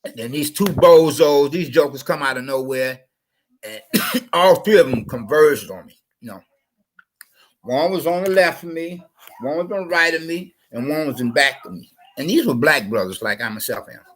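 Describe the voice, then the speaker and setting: A man's voice: a little high, expressive, moderate pace, a little hiss or hum, poor audio. A man with a cough telling a rambling, digressive story on his channel, often repeating himself. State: coughing, under the weather. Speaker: channel host.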